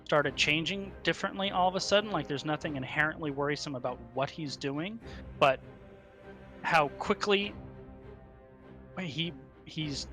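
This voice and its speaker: Bright-voiced male game master. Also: a little high, a little slow, pauses often, faint music behind. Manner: hesitant, full of fillers and restarts. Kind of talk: narrating a tabletop game.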